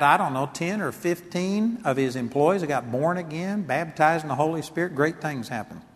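High-voiced guy preaching, folksy story that gets loud and emphatic, bright sound, big echoey seminar hall. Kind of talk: storytelling sermon. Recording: long hall reverb.

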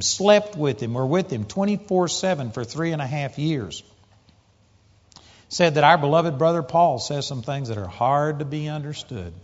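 Telling a story from the pulpit, this preacher becomes animated, his already fairly high voice climbing when he gets excited. The audio is a bit dull and muffled, with a long reverb from the hall.

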